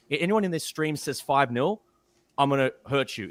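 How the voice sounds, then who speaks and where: A man's voice: on the high side, expressive, moderate pace, slight background noise. A man hosting a podcast, boisterous and gleeful, swearing freely in casual chat. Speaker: podcast host.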